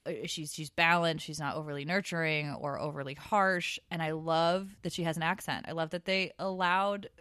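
Low-voiced woman chatting on a podcast, animated, dry close sound. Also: clear, resonant tone, no echo. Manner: chatty, animated, quick asides and laughs. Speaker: podcast co-host. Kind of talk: casual chat.

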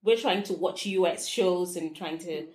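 A woman guest in a casual chat, agreeable and quick to chime in. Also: fairly low pitch, over a noisy crowd. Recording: echoey room.

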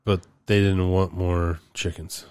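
A man's voice: low voice, level tone, slow pace, a little mellow, clear, resonant tone, dry recording, clean studio sound. A man chatting casually as a podcast co-host, pressing and needling to make his point. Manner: persistent, needling, argues a point. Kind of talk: casual chat.

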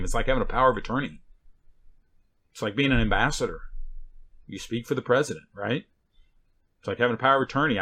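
A man's voice: medium pitch, a bit bright. A man preaching a sermon in a conversational way, with sarcastic asides and frequent checks like "right?" and "okay?".

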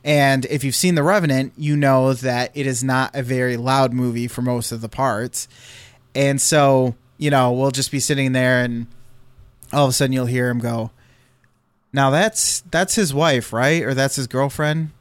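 A man's voice: mid-range voice, steady tone, normal speed, smooth, dry recording. A man telling a long story in casual chat, rambling with fillers and restarts.

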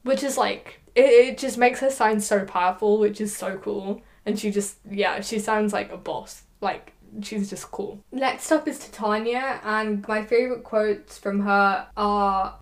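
A woman's voice: medium pitch, steady tone, unhurried. A young adult woman hosting a podcast, chatting casually with lots of "like" and reading out quotes now and then. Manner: chatty, loose with many likes, reciting quotes in between. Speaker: podcast host.

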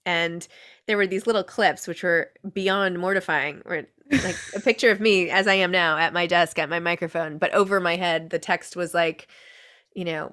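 Middle-aged woman chatting on a podcast, giggly and self-deprecating, mid pitch. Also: brisk, a bit bright. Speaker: podcast host, guest. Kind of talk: casual interview chat.

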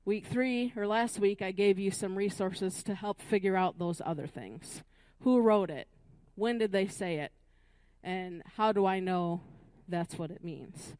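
A woman's voice: mid-range voice, measured pace, darkish tone, clear, resonant tone, dry recording. Woman teaching a Bible study class. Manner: asks the group questions, frequent "right?" and "Amen?".

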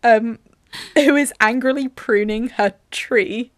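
A woman's voice: a little high, slow pace, no echo. A woman co-hosting a podcast, chatting casually as she walks through a film's scenes, with lots of "like" in her speech. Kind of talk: casual chat recapping a film.

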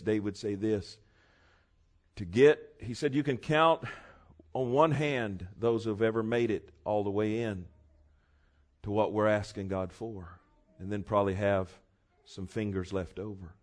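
Preaching man, storytelling with loud peaks. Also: on the low side, moderate pace. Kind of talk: sermon.

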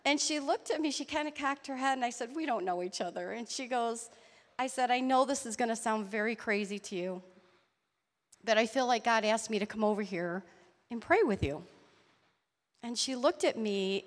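A woman telling a personal faith story in an earnest, halting way. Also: a little high, in a large hall. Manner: earnest, halting storytelling with restarts and soft laughs. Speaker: church member sharing a testimony. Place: church hall.

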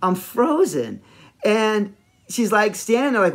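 A man hosting a podcast, telling a personal story in a rambling, animated way with many fillers. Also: sits high, slow. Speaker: podcast host.

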